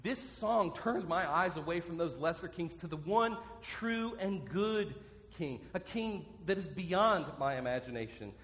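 A man's voice: a little high, a bit bright. Earnest preacher man in a reverberant hall. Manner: earnest, repeats key points for note-taking. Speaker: pastor. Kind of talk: sermon. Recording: long reverb from a large hall.

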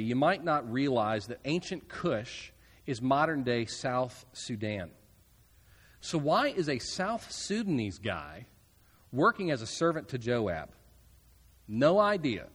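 A man preaching a sermon, earnest with casual asides, trailing off softly at the ends of phrases. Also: a little high, breathy edge, big-room sound. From United States. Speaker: pastor.

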